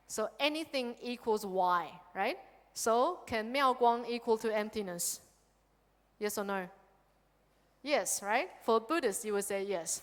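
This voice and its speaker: Lively woman teaching in a reverberant hall. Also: a little high. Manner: lively, checks in with "okay?" often. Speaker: Buddhist nun teaching a sutra class. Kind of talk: dharma lecture.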